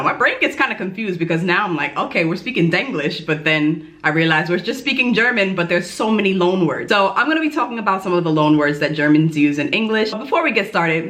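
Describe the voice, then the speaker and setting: A woman's voice: fairly low pitch, fairly bright tone. A young woman from New York talking casually to her viewers in a chatty, self-deprecating vlog. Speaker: YouTuber teaching German.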